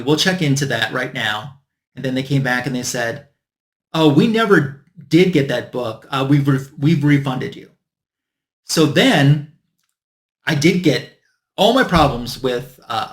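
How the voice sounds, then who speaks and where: A man's voice: mid-range voice, creaky, a bit bright. A man hosting his own comic book channel, telling a story in a casual, exasperated way and acting out what others said to him. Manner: exasperated, retelling a complaint with quoted dialogue.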